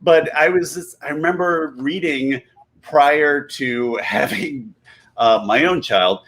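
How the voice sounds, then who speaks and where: This is a man in his thirties, a comedian guest who's a bit tipsy as he tells a story. His voice is on the high side and a bit bright, and he takes it slowly, rambling, cutting himself off and laughing mid-sentence.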